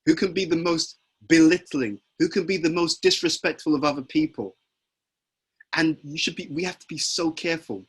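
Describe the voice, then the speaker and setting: Male preacher, slightly raised pitch, husky tone, rhetorical lecture delivery. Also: normal speed. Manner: rhetorical questions, self-answering with "huh?". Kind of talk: devotional lecture.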